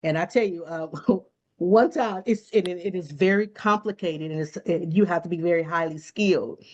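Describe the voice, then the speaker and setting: A woman's voice: lowish voice, normal speed, a little mellow, muffled recording. A woman teaching a cybersecurity class in a conversational way, who acts out quoted exchanges and laughs often. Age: adult student. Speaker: cybersecurity instructor.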